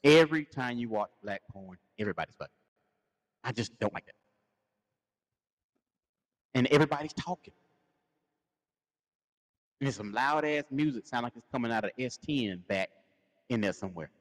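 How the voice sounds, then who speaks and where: A man with a Southern US accent co-hosts a loose, casual podcast. He tells his stories with big swings in pitch and acts out other people's lines. His voice rings in a room with a long, echoing reverb. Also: moderate pace, pauses often. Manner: animated storytelling, acts out quotes. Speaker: podcast co-host. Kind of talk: casual chat.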